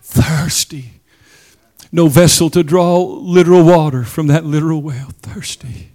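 A man preaching a sermon at a church service, fervent and swelling into shouted, chanted cadences. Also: on the high side, fairly even intonation, moderate pace.

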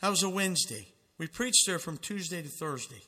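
A man's voice: on the high side, animated, a little fast, sharp tone, long reverb tail. A man preaching a fervent sermon, reading out dramatic quotations with emphasis.

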